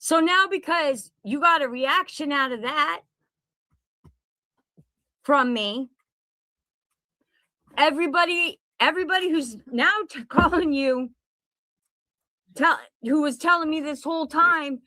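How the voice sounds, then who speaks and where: High-voiced woman ranting angrily. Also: slow, pauses often, sharp tone, no echo. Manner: profane, confrontational, repeats herself. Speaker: content creator. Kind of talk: angry direct-to-camera rant. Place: at home in Pennsylvania.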